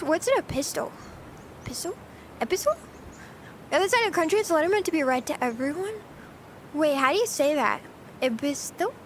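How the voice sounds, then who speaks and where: A woman's voice: extremely high pitch, fairly bright tone, a little hiss or hum. A young American woman chatting casually on a live stream, giggly and bubbly, reading and answering chat. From United States. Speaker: VTuber streamer.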